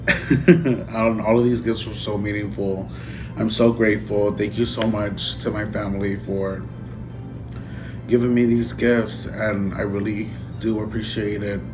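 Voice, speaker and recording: A man in a casual unboxing vlog who talks in an emotional, halting way, choking up and trailing off. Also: lowish voice, steady tone. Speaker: vlogger. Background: music.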